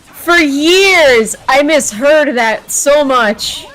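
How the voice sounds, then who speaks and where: A woman's voice: high voice, lively intonation, drawn-out words, fairly bright tone, faint music behind. A woman co-hosting a game stream, chatty and giggly, going off on long explanatory tangents. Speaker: stream co-host. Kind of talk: casual chat over a game stream.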